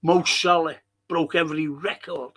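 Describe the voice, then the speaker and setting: A man's voice: fairly high pitch, fairly even intonation, normal speed, bright, forceful tone. An older man hosting a live podcast, reading viewer comments and talking in a rambling, passionate way, swearing freely. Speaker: podcast host.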